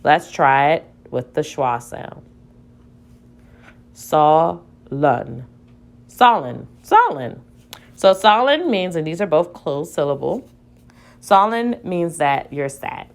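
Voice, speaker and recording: Slow low-voiced woman teaching phonics. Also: big pitch swings. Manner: slow, deliberate, sounding out syllables aloud. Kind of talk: phonics lesson demonstration.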